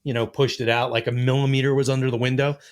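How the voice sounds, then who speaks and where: A man's voice: medium pitch, level tone, fast, clear, resonant tone. Blunt, swearing man in casual chat. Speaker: podcast co-host.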